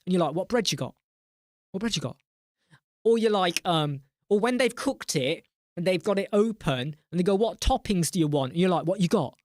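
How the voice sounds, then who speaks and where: A man's voice: high-pitched, animated, moderate pace, no room sound, clean studio sound. A man hosting a casual live chat, rambling and joking, reading out viewer names in a mock-exasperated way. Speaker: live stream host.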